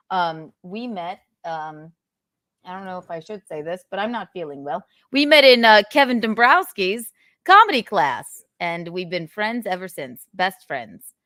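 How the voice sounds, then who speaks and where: A woman hosting a casual chat show, talking in an animated, rambling, joking way. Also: fairly low pitch, dry recording, studio quality. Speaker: livestream host.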